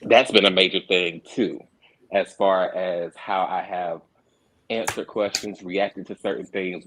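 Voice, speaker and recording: A man's voice: low-pitched, steady tone, normal speed, a little hiss or hum, poor audio. A young adult man, a reality show cast member and producer, earnestly explaining himself in a candid panel discussion, often repeating words as he restarts.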